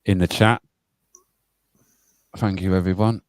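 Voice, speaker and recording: A British man winds down a casual livestream in a smooth, clear voice. The sound is dry and close, and he talks in a relaxed, chatty way while thanking viewers. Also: low-pitched, takes it slowly, no echo. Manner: laid-back, chatty, thanks viewers one by one. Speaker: livestream host.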